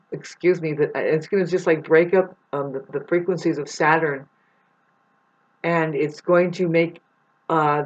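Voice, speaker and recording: A woman vlogger rambling through a profane spiritual monologue, swinging from soft to loud. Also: sits low, muffled recording.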